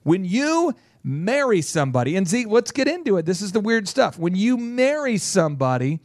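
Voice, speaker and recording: A man's voice: sits high, dry recording, clean studio sound. A man hosting a business radio show, telling a story with energy and acting out the quotes of the people in it. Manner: energetic storyteller who acts out quotes in quick bursts.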